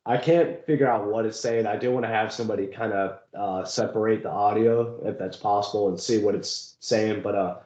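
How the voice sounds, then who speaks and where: A man's voice: fairly low pitch, fairly even intonation, a little fast, hardly any pauses, warm tone. A man co-hosting a casual chat about ghost hunting, rambling and laughing often. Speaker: podcast co-host. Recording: echoey room, dull lo-fi sound.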